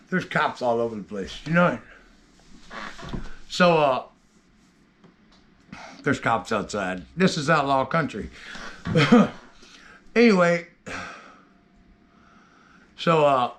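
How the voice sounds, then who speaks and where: A man with a high, gravelly voice tells a story from his own past. He talks in a loose, rambling way and swears constantly, with a bright, edgy tone. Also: slow pace, pauses often. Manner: rambling, heavy cursing, animated retelling. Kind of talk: profane casual storytelling.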